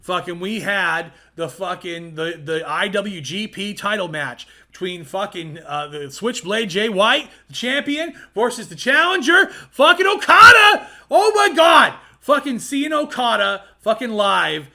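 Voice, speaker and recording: A man co-hosting a casual podcast, excitable and swearing constantly, shouting when worked up. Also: sits high, measured pace, hardly any pauses. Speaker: podcast co-host. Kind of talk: casual chat.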